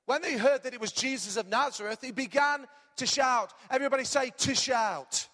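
Man, pastor, strained voice, animated sermon, call-and-response, very high pitch, hall reverb. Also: moderate pace.

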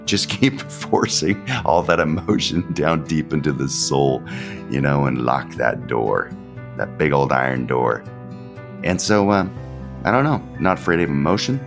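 Deep-voiced man giving a candid devotional talk. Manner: candid, conversational, repeats phrases. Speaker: podcast pastor.

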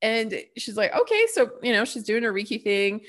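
A woman's voice: medium pitch, little pitch movement, normal speed. A woman hosting her own podcast in a casual spiritual monologue, chatty and full of fillers, blunt and cheerfully profane. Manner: chatty, full of "like" and "you know". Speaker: podcast host.

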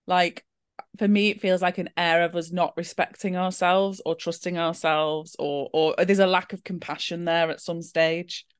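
A woman's voice: lowish voice, fairly even intonation, normal speed, smooth, no room sound. Reflective woman, dry close sound. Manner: reflective, thoughtful questioning. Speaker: podcast co-host. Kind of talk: casual podcast conversation.

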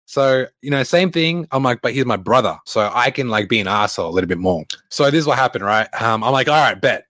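A man, a fitness coach giving a blunt, swearing motivational talk with animated stories. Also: medium pitch, quick pace, dry recording. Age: late 20s.

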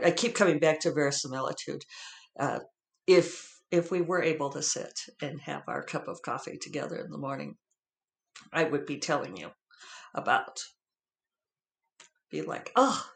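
A man's voice: a little high, creaky. Man, podcast host, tearful and rambling in a chatty monologue, recorded in an echoey room. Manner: rambling, with many fillers and restarts. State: teary, emotional. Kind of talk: casual solo podcast monologue.

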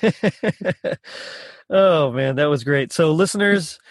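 Chatty male host, higher voice, dry recording, easy casual interview manner. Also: lively intonation, takes it slowly, no echo. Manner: chatty, laughs often, many restarts. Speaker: podcast host.

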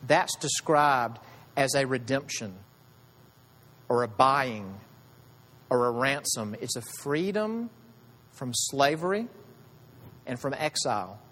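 A pastor gives a conversational sermon, peppering his congregation with rhetorical questions. His voice sits a little high for a man and rises and falls with plenty of life, and the church hall adds a long reverb.

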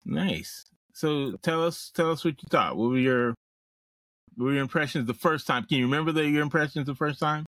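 A podcast host with a slightly high, fairly bright voice guides a casual movie review chat, asking questions and frequently halting to restart. The recording has no echo.

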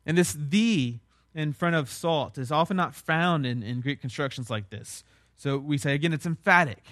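A young man delivers a sermon in a relaxed, conversational style. He leans on key words with emphasis as he explains, his voice sitting a little high. The sound is close and dry, with no room echo. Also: normal speed. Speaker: pastor.

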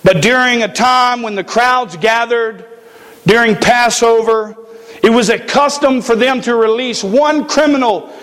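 A man preaching a sermon in a church, slow and emphatic with dramatic pauses. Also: extremely high pitch, a bit bright, long reverb tail. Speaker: pastor.

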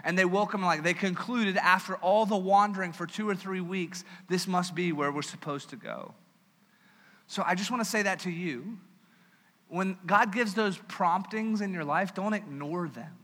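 Pastor, male, conversational and joking sermon; high, bright voice; church hall reverb. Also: normal speed.

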